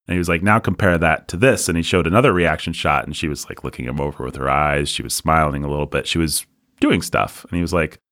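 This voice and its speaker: A man's voice: very deep voice, quick pace, no echo, studio quality. A man co-hosting a podcast, talking casually and animatedly about a film, now and then slipping into playful voices. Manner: animated storyteller, slips into voices. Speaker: podcast co-host.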